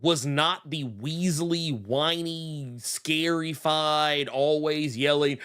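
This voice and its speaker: A man co-hosting a casual comic book talk show, animated and swearing freely, with loud laughs between points. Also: fairly high pitch, slow pace, smooth. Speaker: podcast co-host.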